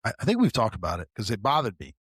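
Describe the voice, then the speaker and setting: Casting: male podcast co-host, lowish voice, dry close sound, animated, swears freely. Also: very fast, slightly rough, dry recording. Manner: animated, swearing, calls the listener bro. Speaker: podcast co-host, sheriff's deputy. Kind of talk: casual storytelling chat.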